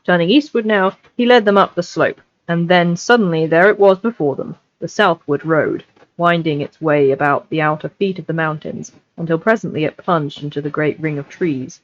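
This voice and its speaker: Woman streaming a book reading, low-ish voice, casual asides, dull lo-fi sound. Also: normal speed, no echo. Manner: chatty, scattered, self-interrupting asides. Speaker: streamer reading a novel aloud. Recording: lo-fi livestream audio.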